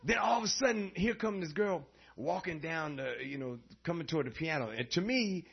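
A man preaching a sermon, telling stories in an animated way and laughing often. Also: fairly high pitch, a little fast, gravelly, breathy edge. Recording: dull lo-fi recording.

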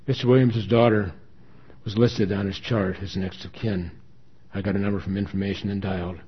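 Earnest male story narrator, low and husky; lo-fi recording. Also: level tone, brisk. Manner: earnest, emotional reading. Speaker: story reader. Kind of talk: dramatic first-person story narration. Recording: dull lo-fi recording.

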